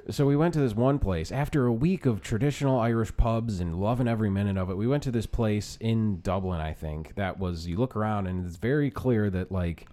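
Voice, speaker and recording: A man telling a story in casual chat, animated and profane, often laughing. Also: on the low side, fairly quick, few pauses. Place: bar room.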